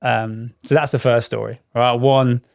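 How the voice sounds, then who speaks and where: A man with a Worcester English accent, a podcast host telling lively anecdotes with plenty of swearing. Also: mid-range voice, a little slow, gravelly, clean tone, dry recording, studio quality. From Worcester, England. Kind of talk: casual podcast storytelling.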